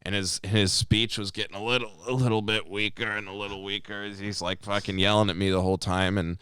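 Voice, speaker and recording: Man, very low voice, smooth and dry, animated profane storyteller for a casual podcast. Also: brisk, no echo. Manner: animated storyteller, heavy swearing, acts out quotes. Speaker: podcast co-host.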